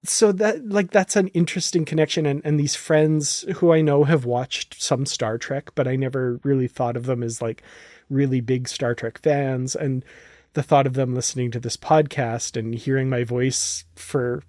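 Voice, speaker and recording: A man's voice: medium pitch, steady tone, moderate pace, a little mellow, no echo, studio quality. A man hosting a podcast in casual chat, often laughing and restarting his sentences. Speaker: podcast host.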